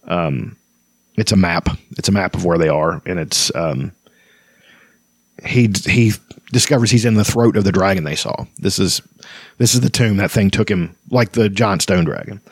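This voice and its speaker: Man reading fantasy novel aloud, low voice, dry close sound, casual asides. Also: normal speed, slightly rough, dry recording. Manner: relaxed, stumbles and restarts, chatty asides. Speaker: reader.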